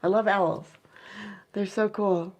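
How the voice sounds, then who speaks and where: An enthusiastic woman chats casually to her viewers, warm in interest and quick to trail into fillers. She breaks off at times to mimic soft owl hoots. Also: medium pitch, steady tone, muffled recording. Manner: chatty and enthusiastic, many fillers. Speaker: owl keeper and vlogger.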